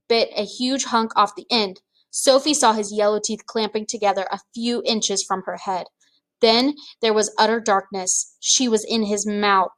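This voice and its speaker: A woman reading a children's book aloud, with expressive, measured storytelling. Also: on the high side. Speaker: reader.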